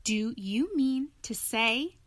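A woman voicing an eager male rat, emphatic, impatient, high bright voice, dry sound. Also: animated, moderate pace, dry recording.

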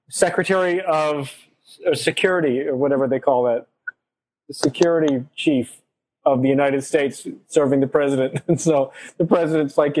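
A man's voice: fairly high pitch, darkish tone, low-quality recording. Chuckling man recounting a film. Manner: chuckling, storytelling. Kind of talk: casual comedy chat.

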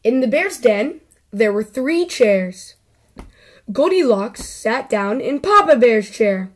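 Kids' story host, female, unhurried and light-voiced. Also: on the high side, expressive. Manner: slow, deliberate storytelling. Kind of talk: reading a children's story.

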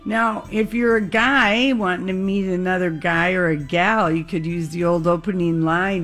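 A woman's voice: fairly low pitch, steady tone, moderate pace, hardly any pauses, a bit bright, soft background music. A woman co-hosting a radio show, playfully reading out cheeky pickup lines in joking studio banter.

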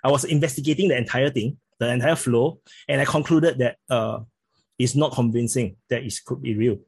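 A man's voice: medium pitch, creaky, darkish tone, breathy edge, no room sound. A man from Singapore with a Singaporean accent, a podcast guest chatting casually and often stumbling over the first words of a sentence. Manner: halting, repeats words when starting sentences. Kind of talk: casual interview chat.

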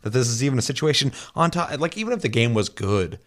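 A man's voice: medium pitch, big pitch swings, fast talker. A man co-hosting a casual gaming podcast, ranting and swearing often with bursts of laughter. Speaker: podcast co-host.

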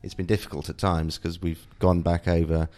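A man's voice: sits low, level tone, normal speed, a little mellow. A middle-aged man, a guest on a conversational show, speaking reflectively and searching for words with frequent restarts. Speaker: guest, father and TV writer. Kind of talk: candid conversational interview.

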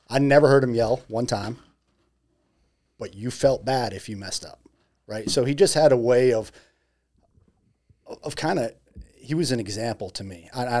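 A man's voice: medium pitch, darkish tone. A middle-aged man as an interview guest in casual chat, reflective and earnest, often restarting his sentences.

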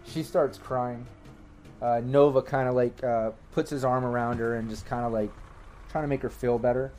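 A man's voice: medium pitch, steady tone, moderate pace, a little mellow. A young man runs a tabletop game, rambling and full of fillers as he describes the scene. Faint music plays underneath. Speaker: game master.

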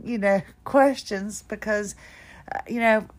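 A woman's voice: medium pitch, slow. A middle-aged woman talking casually about her day, tired and a bit drowsy, rambling with little self-deprecating laughs. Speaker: podcast host. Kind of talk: casual personal monologue.

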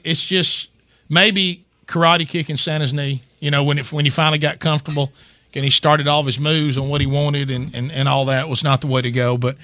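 A man's voice: fairly high pitch, no echo. A middle-aged man, hosting a radio show and telling a long family story with lots of restarts. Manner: animated storyteller, many restarts. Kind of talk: storytelling casual chat.

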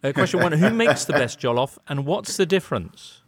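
A man hosting a sports show, brisk and chatty as he runs through results and brings in guests. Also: a little high, sing-song, no echo. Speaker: host. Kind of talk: sports radio presenting.

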